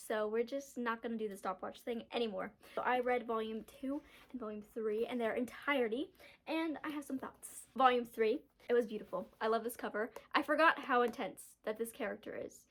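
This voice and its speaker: Young woman rambling about books, giggly, says like a lot, kinda high voice. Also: a bit bright. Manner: bubbly, giggly, lots of "like". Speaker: book vlogger. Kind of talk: casual reading vlog.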